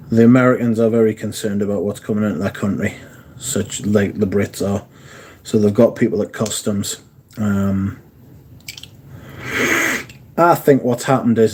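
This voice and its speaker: A man's voice: fairly low pitch, mellow, a little hiss or hum. A man, hosting a casual livestream, chatting and swearing freely while answering viewers. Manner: sweary, chatty, reads viewer comments aloud. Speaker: livestream host.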